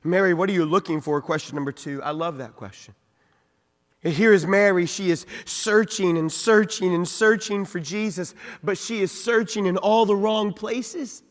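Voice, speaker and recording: A man preaching from a church pulpit with a very high voice, dropping to soft asides and rising to loud peaks. His sermon echoes with the long reverb of a big sanctuary. He reads scripture in old-fashioned wording. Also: a little slow. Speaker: senior pastor.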